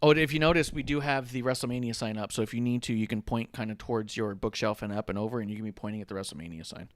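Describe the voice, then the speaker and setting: A man's voice: medium pitch, racing, no room sound. A man co-hosting a podcast, chatting casually about wrestling in rambling, joking, profane banter. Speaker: podcast co-host. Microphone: podcast microphone.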